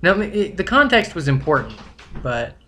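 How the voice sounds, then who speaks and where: A man's voice: a little high, very animated, sharp tone, a little hiss or hum. Rambling young man vlogging. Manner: rambling, halting, self-correcting. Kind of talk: rambling casual monologue.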